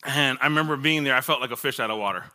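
A man's voice: medium pitch, racing, sharp tone. A man preaching a sermon, telling his own testimony as a story, acting out what he once said and laughing at himself. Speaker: pastor.

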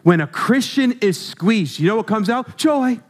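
A man's voice: high voice, animated, a little slow. A man preaching a sermon, conversational and humorous, asking his congregation questions as he goes.

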